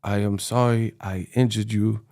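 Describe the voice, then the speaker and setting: A man doing a mock impression of a foreign male boxer who apologizes slowly in broken phrases. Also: lowish voice, steady tone, darkish tone, pitched below the performer's own voice, natural voice. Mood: deadpan apology. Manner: slow, hesitant, broken phrasing with long ums.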